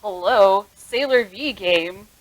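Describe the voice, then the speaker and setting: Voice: mid-range voice, takes it slowly, natural voice, poor audio. A tabletop player voicing a cheerful, clumsy teenage schoolgirl who loves video games and talks in a bubbly, defensive way. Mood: huffy.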